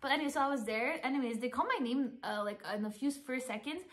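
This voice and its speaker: A young woman vlogger telling a story in a casual, rambling way, with lots of fillers and quick laughs. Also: high-pitched.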